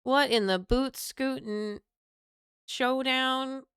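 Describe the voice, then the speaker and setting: A woman's voice: high-pitched, fairly even intonation, very slow, fairly bright tone, clean tone, no room sound, clean studio sound, heavily acted. A woman voicing a fed-up Southern Trump supporter ranting online, in a put-on Southern accent with indignant, folksy exclamations.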